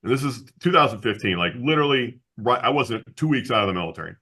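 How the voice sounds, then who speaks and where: A man being interviewed as a guest, telling a story from his work in a lively way, with frequent laughs and restarts, and acting out the people he quotes. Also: mid-range voice, fast, slightly rough. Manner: animated storyteller who acts out the people he quotes. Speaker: guest, insurance agency owner.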